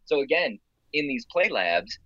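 A man with a bright, edgy voice and a husky grain shares playful, eager stories as a podcast guest. The sound is dry and somewhat dull, like lo-fi podcast audio. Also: medium pitch, sing-song, measured pace, no room sound. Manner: playful, eager, laughs often. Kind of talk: casual podcast chat.

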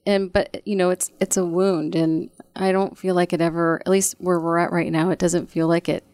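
A woman in her thirties with a low, gravelly voice talks about family life in a soft, halting way, full of ums and restarts. The sound is close and dry, with no room around it. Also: flat delivery, no room sound. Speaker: guest, bereaved mother. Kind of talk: casual conversation.

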